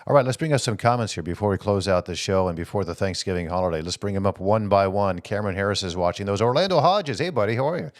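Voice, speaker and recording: A man with a fairly low voice hosts a political talk show. He talks in an animated way, throws out rhetorical questions and reads viewer comments aloud before answering them. The sound is dry, with no room echo. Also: fast, hardly any pauses. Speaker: host.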